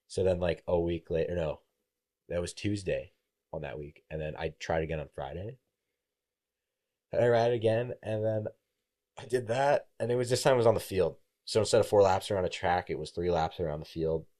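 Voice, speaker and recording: Deep-voiced young man telling a story. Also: normal speed. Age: young adult. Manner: animated, acts out quoted voices, swears freely. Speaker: podcast guest, college baseball player. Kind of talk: casual storytelling.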